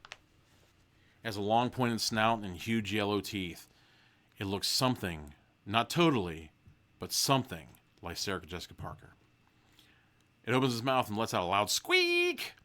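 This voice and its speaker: A man's voice: lowish voice, sing-song, a little slow, a bit bright. A man hosting a live comedy show, reading a children's gamebook aloud with mock-dramatic delivery and swearing, rambling tangents in between; he is tired and hungry. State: sleep deprived and hungry. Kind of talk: live comedic read-along with profane asides.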